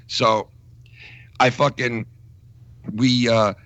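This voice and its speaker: Man, from New York, gravelly, sharp-toned, profane, rambling, casual podcast storytelling. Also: medium pitch, little pitch movement, extremely slow, no echo. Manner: profane, rambling, laughs through stories. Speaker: podcast co-host.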